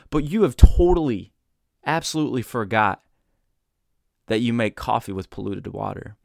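A man's voice: medium pitch, expressive, moderate pace, creaky, long pauses, dark tone, no echo, clean studio sound. A man giving an earnest motivational talk in a storytelling manner. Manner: earnest, storytelling, acts out quoted voices. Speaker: motivational speaker.

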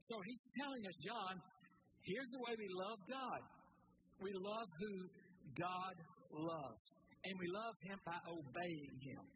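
A man with a high-pitched voice preaches a sermon as a pastor. He talks earnestly, repeats key phrases and asks the congregation rhetorical questions, with clear noise behind him.

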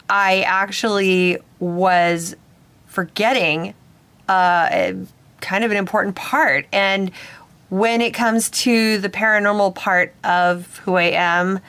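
A woman's voice: mid-range voice, a bit bright, clean tone. A woman hosting a podcast as a psychic medium, telling a personal story in an earnest, slightly hesitant way.

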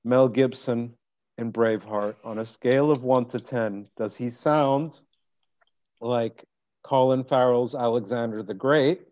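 A man hosts a casual interview, rambling and joking as he goes. His voice is mellow and sits in the middle range, and the recording sounds dull and lo-fi. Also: mid-range voice, fairly even intonation, unhurried, dry recording. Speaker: podcast host.

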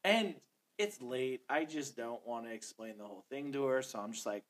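A man in his thirties co-hosting a podcast, telling a story in casual chat, profane and animated, acting out quotes. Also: mid-range voice, normal speed. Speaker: podcast co-host.

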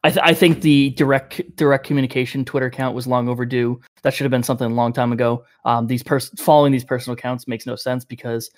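A man from North America talks quickly as he hosts a casual gaming podcast. He rambles and circles back on himself. His voice sits in a middle pitch. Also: little pitch movement. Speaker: podcast host.

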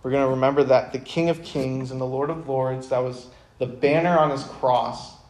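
A young man giving a casual, earnest talk to high school students, full of fillers and sudden bursts of energy. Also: fairly even intonation, moderate pace, darkish tone. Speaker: youth speaker.

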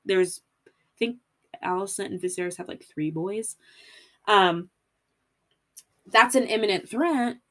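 A woman hosting a podcast in a casual, animated way, full of "like" and swearing, slipping into quick quoted voices for characters. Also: mid-range voice. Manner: animated, filler-heavy valley-girl talk, acts out characters in quick quoted voices; swears freely and laughs at herself. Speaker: podcast host. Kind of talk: casual recap chat.

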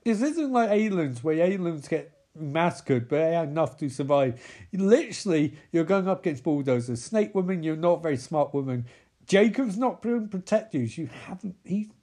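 A man giving excitable, sweary running commentary over a movie. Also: high voice. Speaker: movie riffer. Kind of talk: live profane movie riff commentary.

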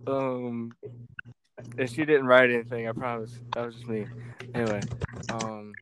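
A man's voice: mid-range voice, flat delivery, moderate pace. A young man co-hosting a casual podcast, rambling and giggly with lots of fillers. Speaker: podcast co-host. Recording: noisy home recording.

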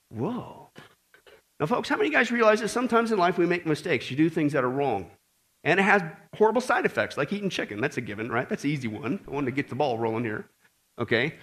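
Animated, bright-voiced male preacher. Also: on the high side, a little fast. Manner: animated, joking with the congregation. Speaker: pastor. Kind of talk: sermon.

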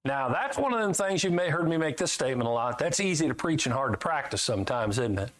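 A middle-aged man preaching a sermon in a folksy, emphatic way, jumping from loud high points to low asides. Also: very animated, fast talker.

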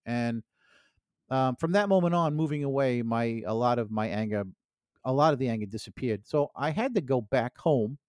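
A man's voice: medium pitch, a little mellow, no echo, studio quality. A middle-aged man co-hosting a podcast, telling a childhood story in a rambling, casual way with restarts and laughs. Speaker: podcast co-host.

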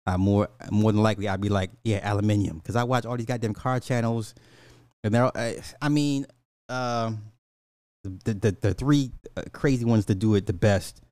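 A man from Illinois, a podcast host, ranting casually in a profane, laughing, animated way. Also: on the low side, normal speed, clear, resonant tone, no room sound, clean studio sound. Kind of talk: casual comedic rant.

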